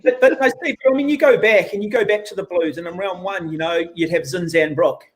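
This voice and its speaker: A man's voice: high-pitched, fairly quick. A man, a rugby pundit ranting sarcastically and bluntly on a talk radio show.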